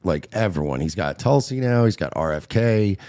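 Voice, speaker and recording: A man's voice: deep voice, expressive, normal speed, mellow. A man on a panel, chatting in a hesitant, chatty way. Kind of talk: casual panel chat.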